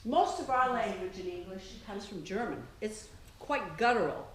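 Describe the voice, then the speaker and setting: A woman's voice: medium pitch, lively intonation, moderate pace. An older woman, an author, telling chatty family stories to an audience and laughing often. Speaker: author giving a talk. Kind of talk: storytelling talk to an audience. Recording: echoey room with faint noise.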